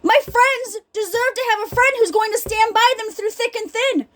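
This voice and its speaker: Very high-voiced, earnest middle-aged woman. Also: normal speed, fairly bright tone. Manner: earnest, emphatic, addresses listeners directly. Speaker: healing ministry speaker. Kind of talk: personal faith talk.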